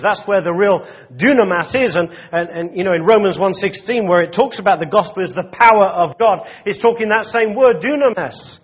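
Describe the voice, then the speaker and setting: A man's voice: sits high, breathy edge, dull audio. A man preaching a sermon in a conversational way, full of restarts and "you know" asides, reading and explaining scripture. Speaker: pastor.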